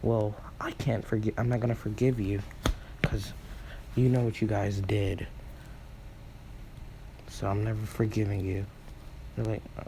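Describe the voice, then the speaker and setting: Rambling man with a mellow voice. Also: on the low side, steady tone, gravelly, a little hiss or hum, low-quality recording. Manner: rambling, full of fillers and self-corrections; acts out characters' lines in quick asides. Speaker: storyteller. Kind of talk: improvised fan-fiction retelling.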